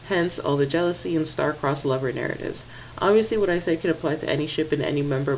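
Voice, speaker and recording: A woman's voice: low-pitched, a little mellow. A young woman co-hosting a podcast in a casual, rambling way, using many fillers and slang. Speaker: podcast co-host. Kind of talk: casual chat. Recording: from a distance with faint noise.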